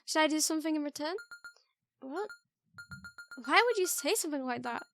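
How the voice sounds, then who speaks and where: A woman voicing a soft-spoken young female murder suspect, gentle and eerie, reading a visual novel aloud in a quiet, hesitant way. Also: sits high, animated, moderate pace, soft background music. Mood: shy.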